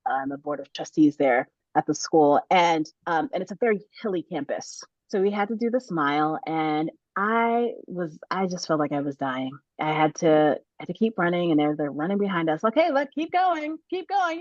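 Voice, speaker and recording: Middle-aged woman, lowish voice, animated storytelling, laughs a lot, dry dull-sounding recording. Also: no echo. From United States. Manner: animated, laughs often, many restarts. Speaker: author guest. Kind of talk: casual interview storytelling.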